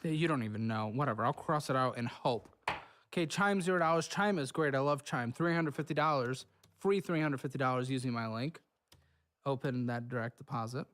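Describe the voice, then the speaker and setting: A man's voice: mid-range voice, brisk, fairly bright tone, a little hiss or hum. A man hosting from a studio, harshly berating a guest over her spending in a profane, scornful tirade. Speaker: host. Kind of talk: berating financial review.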